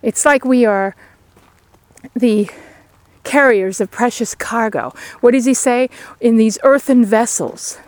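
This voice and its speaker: Earnest higher-voiced woman preaching outdoors. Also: takes it slowly, no room sound. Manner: earnest, pleading exhortation. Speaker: lay preacher. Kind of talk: outdoor devotional sermon. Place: outdoors beside a sheep paddock.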